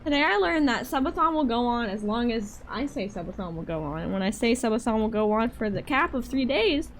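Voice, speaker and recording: Animated Southern woman streamer. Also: a little high, a little fast, a little hiss or hum, poor audio. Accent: Southern US, Georgia. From Georgia, US. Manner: excitable, chatty, playful. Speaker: livestreamer. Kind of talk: casual livestream chat, tarot readings.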